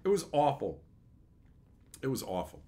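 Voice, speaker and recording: Animated, profane streamer man. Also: mid-range voice, normal speed. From Canada. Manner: animated, profane ranting with repeated phrases. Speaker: streamer reading chat. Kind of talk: casual live-stream chat.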